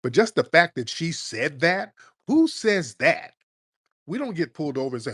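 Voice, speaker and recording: A man's voice: fairly high pitch, big pitch swings, moderate pace, a bit bright, husky, no room sound, clean studio sound. A man hosting a live call-in show, giving blunt, combative political commentary in slangy speech. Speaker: host.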